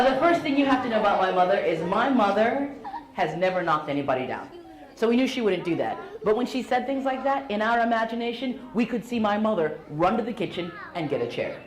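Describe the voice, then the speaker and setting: A middle-aged woman storyteller speaks playfully and animatedly to schoolchildren in a school hall. Her mid-range voice has lively intonation and runs a little fast. The recording has a roomy echo and faint hall noise.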